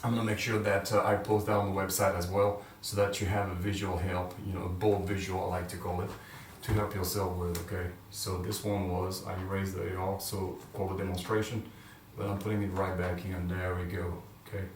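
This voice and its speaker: A man's voice: low-pitched, little pitch movement, fairly quick. A man teaching a Spanish lesson, cheerful and encouraging, drilling verb forms and praising unseen students. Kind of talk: classroom lesson to camera. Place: classroom with whiteboard. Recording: echoey room, mic far off, faint room noise.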